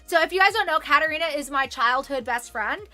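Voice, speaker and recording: A woman's voice: high voice, animated, a little fast, bright, forceful tone, soft background music. A Canadian woman in her twenties chatting casually with her stream viewers, rambling and self-deprecating with the odd swear word. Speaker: livestreamer. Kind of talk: casual chat with viewers while sewing.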